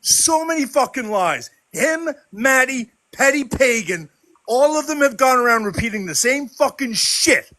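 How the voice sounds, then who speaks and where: A man with a very high, bright, sharp voice rants in an online voice chat. He shouts and swears nonstop, raging at the people he's angry with. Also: expressive, measured pace, dry recording. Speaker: regular on a debate stream. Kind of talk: furious online voice-chat rant.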